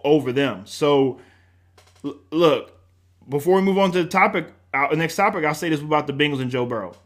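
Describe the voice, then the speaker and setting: High, bright-voiced passionate man. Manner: passionate, emotional, loud ranting. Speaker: co-host. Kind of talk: sports talk show.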